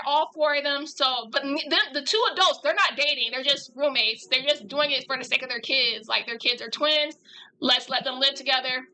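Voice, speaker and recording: A woman's voice: high-pitched, sharp tone, low-quality recording. A woman chatting casually and animatedly with her viewers while drawing live, in a rambling style.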